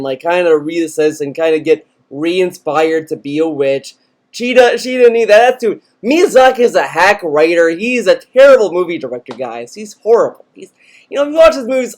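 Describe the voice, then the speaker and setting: High-voiced sarcastic man ranting. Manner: sarcastic, mocking, many filler likes. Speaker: commentary youtuber. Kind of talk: ranting commentary.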